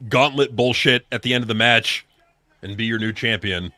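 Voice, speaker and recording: A man's voice: medium pitch, normal speed, sharp tone, no room sound. A man co-hosting a casual live reaction chat, cursing and egging his partner on. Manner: profane, egging on. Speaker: co-host.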